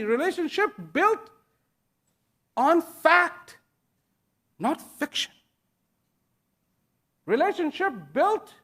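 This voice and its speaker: A man giving a speech to an audience, slow and deliberate, pausing between short phrases and repeating key words for emphasis. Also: very high voice. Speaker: invited speaker. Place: event at a large international venue.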